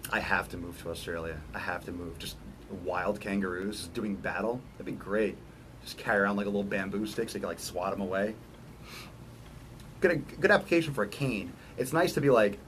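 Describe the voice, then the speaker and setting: A man's voice: fairly low pitch, a little hiss or hum. A man working as a fitness coach, chatting casually as he answers viewer questions, blunt and profane with joking asides.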